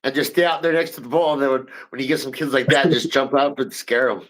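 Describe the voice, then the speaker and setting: A man co-hosting a live stream in casual chat, joking, swearing and laughing easily. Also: medium pitch. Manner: profane, joking, quick to laugh.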